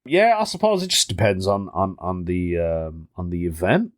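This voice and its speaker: With a low voice and lively intonation at a normal pace, the young podcast host chats solo, telling stories, laughing frequently and dropping British slang like "innit". The studio sound is clean, with no room sound.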